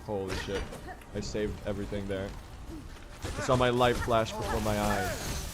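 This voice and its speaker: Excitable young man streaming a game. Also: fairly low pitch, normal speed, music in the background. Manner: excitable, swears, jokes with chat, bursts of shouting. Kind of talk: casual livestream commentary while gaming.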